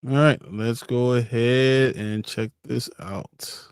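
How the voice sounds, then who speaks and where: A man's voice: mid-range voice, steady tone, slow pace, clear, resonant tone, dry recording, studio quality. A man hosting a casual show chat in an easygoing way, steering the talk along. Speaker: host.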